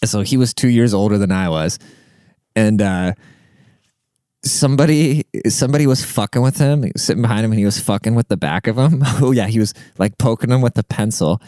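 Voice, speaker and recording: A man's voice: lowish voice, brisk, warm tone, no room sound, clean studio sound. A young man who grew up in Germany, casually telling a rambling, profane childhood story and laughing often. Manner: rambling, profane, laughs through his stories.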